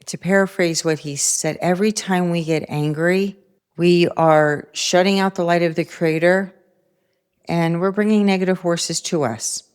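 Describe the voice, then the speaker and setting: A middle-aged woman hosting a spiritual self-help talk, speaking calmly and reflectively and telling personal stories. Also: fairly low pitch, a little slow, smooth. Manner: calm, reflective, personal storytelling. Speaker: host.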